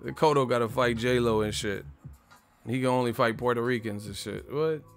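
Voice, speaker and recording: A man's voice: medium pitch, moderate pace, soft background music. Profane man ranting about boxing. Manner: profane, mocking, loud outbursts and sing-song impressions. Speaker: boxing commentator. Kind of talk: casual ranting commentary.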